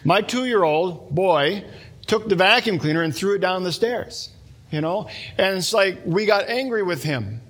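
Male pastor, 30s, breathy and slightly high voice, chatty sermon with everyday examples. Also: animated, measured pace, fairly bright tone. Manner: conversational, explaining with everyday examples.

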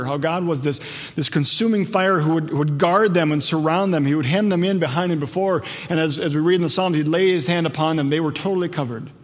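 Man preaching in a reverberant hall. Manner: builds in pitch and loudness when stressing a point, slows for scripture. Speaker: pastor. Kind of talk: sermon.

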